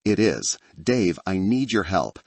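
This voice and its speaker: A man's voice: low-pitched, very animated, slow, vocal fry, darkish tone, no room sound, heavily acted. A man voicing a desperate middle-aged father who is a doctor, speaking urgently and insistently.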